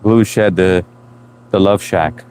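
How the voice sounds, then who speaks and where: Chatty low-voiced man with a slight Indian lilt. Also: slow pace, noisy background. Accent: mix of Indian and New England. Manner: relaxed, chatty, laughs often, trails off in restarts. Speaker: livestream host. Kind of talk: casual live-stream chat reading comments.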